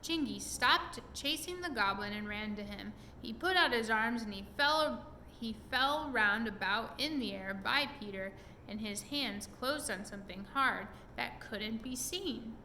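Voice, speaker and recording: A woman reads a children's storybook aloud to a child at home, expressive and pausing to explain things. Her voice is bright and on the high side. Faint noise sits behind her.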